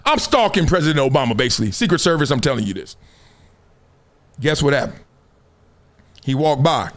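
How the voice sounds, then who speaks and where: A middle-aged man hosting a live stream, telling a story in lively, slangy casual talk to his viewers. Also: mid-range voice, a little fast. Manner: animated storyteller, slangy and warm toward viewers. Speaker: show host.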